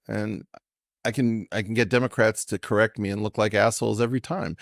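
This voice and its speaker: A man's voice: lowish voice, fairly quick, creaky, no echo, clean studio sound. A man speaking as a podcast guest in an assertive, professorial way, challenging his host with pointed questions. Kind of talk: conversational podcast discussion.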